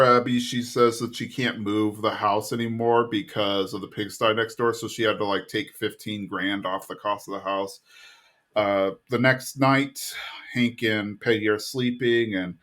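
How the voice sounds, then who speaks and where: A man's voice: fairly low pitch, fairly even intonation, fairly bright tone. A man co-hosting a podcast, casually retelling a cartoon episode and briefly mimicking the characters as he goes. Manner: rambling retelling with quick voice impressions. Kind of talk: casual chat.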